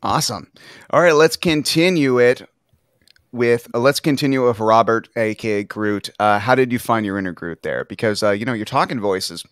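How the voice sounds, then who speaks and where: A man's voice: mid-range voice, normal speed, a bit bright, clean tone, dry recording, studio quality. A male host of a live online interview show, enthusiastic and full of praise for his guests.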